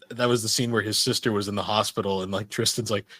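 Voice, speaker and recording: A man with a lowish voice chats casually as a podcast guest, wry and amused. He swears easily and chuckles through his stories. The recording is dry and close. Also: steady tone, quick pace, sharp tone, dry recording. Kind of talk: casual chat.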